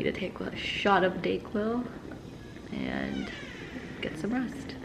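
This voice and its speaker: A woman's voice: medium pitch, slow, vocal fry, pauses often. A congested woman chatting casually to her vlog camera at home, laughing now and then as she talks. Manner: chatty, laughs between lines. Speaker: vlogger. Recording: steady noise from a steamer.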